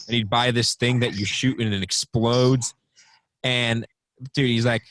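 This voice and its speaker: A man's voice: medium pitch, fairly even intonation, moderate pace, no echo. Rambling young man, dry sound. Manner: rambling, reads from notes with many ums. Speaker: podcast co-host. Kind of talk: casual podcast chat.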